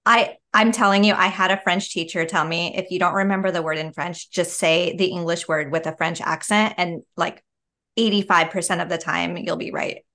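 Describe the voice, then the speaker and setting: A woman with a slightly low voice co-hosts a casual podcast conversation. She sounds upbeat and animated, laughing easily between thoughts. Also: normal speed. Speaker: podcast co-host. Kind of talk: casual chat.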